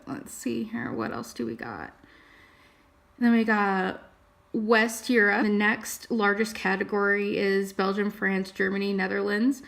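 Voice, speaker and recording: Chatty young woman with a gravelly edge. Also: medium pitch. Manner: chatty, thinking aloud while reading results. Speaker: vlogger. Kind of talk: casual vlog talk.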